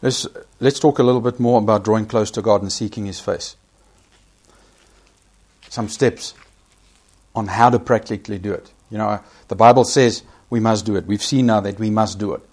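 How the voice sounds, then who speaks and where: A man's voice: fairly low pitch, steady tone, normal speed, a little mellow. A man preaching a sermon, emphatic, repeating key phrases and rising sharply when he quotes scripture.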